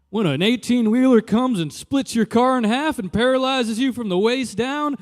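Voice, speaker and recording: A man's voice: very high-pitched, lively intonation, a little slow. A man doing casual, wry stand-up comedy on a handheld stage mic, firing off exasperated questions.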